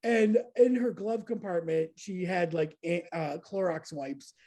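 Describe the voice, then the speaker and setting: A woman in her thirties telling a story in casual chat, lively and laughing, jumping into high voices to act out quotes. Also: a little slow. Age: 30s.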